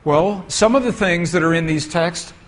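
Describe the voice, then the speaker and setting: A man's voice: high voice, normal speed. A man giving a storytelling lecture with slides to an audience, asking them questions as he goes.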